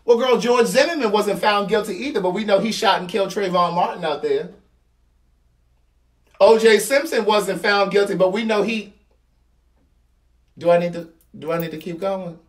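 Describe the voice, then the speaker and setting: Animated, high-pitched Baltimore man ranting. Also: normal speed, long pauses, far from the mic. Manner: animated, blunt and slangy, repeats himself for emphasis. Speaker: vlogger. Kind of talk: casual commentary monologue.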